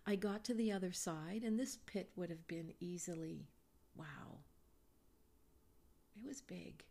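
A middle-aged woman, a psychic reader, telling a personal story slowly with breathy, animated asides in a podcast Q&A. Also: lowish voice.

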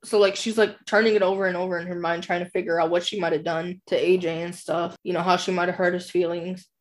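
A woman's voice: on the low side, flat delivery, fast. A woman co-hosting a casual book podcast, rambling through a plot recap full of "like" fillers. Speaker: podcast co-host.

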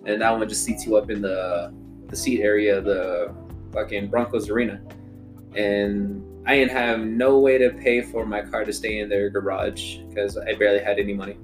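A man's voice: on the low side, fairly even intonation, normal speed, music in the background. A young man in casual chat, telling a loose, profane story among friends.

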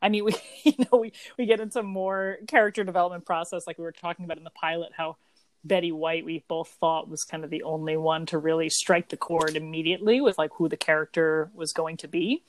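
A woman's voice: sits low, steady tone, fairly quick, no room sound. A woman in her thirties, co-hosting a podcast, chatting at length in a rambling, think-aloud way. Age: 30s. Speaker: podcast co-host. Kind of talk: casual chat.

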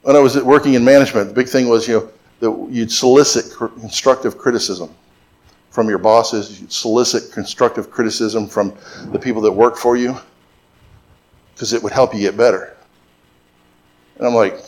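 A man's voice: medium pitch, steady tone, moderate pace, long pauses, darkish tone. A middle-aged man preaching a sermon as pastor, mixing emphatic repetition with joking stories.

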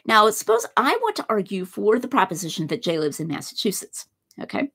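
Husky woman lecturing with lively pitch. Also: a little fast. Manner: conversational explaining with hypothetical examples. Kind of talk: philosophy lecture.

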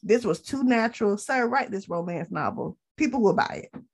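Husky-voiced woman podcast co-host. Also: medium pitch, expressive. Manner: chatty, quick to laugh, trails off and restarts. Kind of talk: casual chat recapping a reality show.

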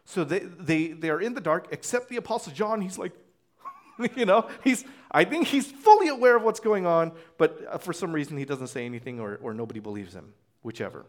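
A man's voice: fairly high pitch, big pitch swings, fairly quick. A man preaching a conversational sermon as pastor, telling the story casually and acting out voices.

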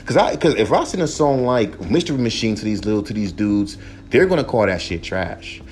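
A man's voice: fairly low pitch, lively intonation, fairly quick, a little hiss or hum. A young man hosting a solo podcast as a rapper, ranting heatedly with lots of profanity and repeated emphasis.

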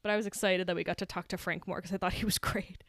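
A woman co-hosting a podcast, recapping a film in casual chat, animated and swearing as she acts out lines. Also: lowish voice, fast talker, dry recording, studio quality. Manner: animated retelling with quoted voices, swearing. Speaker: podcast co-host.

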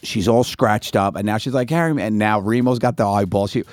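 A man co-hosting a podcast, telling a funny story in a profane, animated way. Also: fairly low pitch, fairly quick, dry recording. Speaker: podcast co-host. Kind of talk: casual comedic storytelling.

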